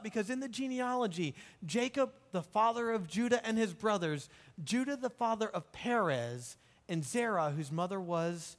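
A man's voice: high voice, lively intonation, moderate pace. A man preaching a sermon, retelling a Bible story with jokes and acted-out lines. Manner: jokey, acts out the characters' lines. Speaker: pastor. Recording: hall reverb.

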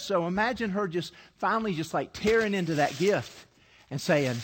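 A man with a high voice preaches an animated sermon and acts out scripture scenes. He often restarts his sentences as he builds each point. His voice rings through the long reverb of a large church sanctuary. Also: moderate pace.

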